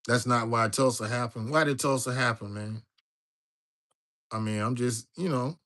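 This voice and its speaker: In a mid-range, fairly bright voice with fairly even intonation and normal speed, a man runs a laid-back livestream. He chats loosely, speaks straight to his audience and reads out chat messages, greeting viewers as they appear.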